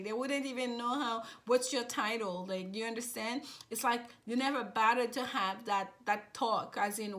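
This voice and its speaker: A woman's voice: fairly high pitch, steady tone, moderate pace, fairly bright tone. A woman giving a casual tarot reading, chatty and rambling, with many fillers and restarts. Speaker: tarot reader.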